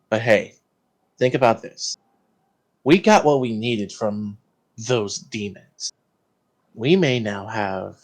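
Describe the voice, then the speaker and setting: A man playing in a tabletop role-playing game, talking through his plans in a relaxed, casual way and drifting in and out of character. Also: fairly low pitch, takes it slowly, long pauses. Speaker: player.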